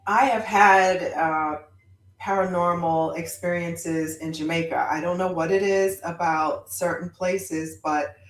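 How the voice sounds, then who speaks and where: A woman guest on a chat show, telling a story with lively, animated delivery. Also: lowish voice, echoey room, rough recording. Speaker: guest author. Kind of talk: casual podcast chat.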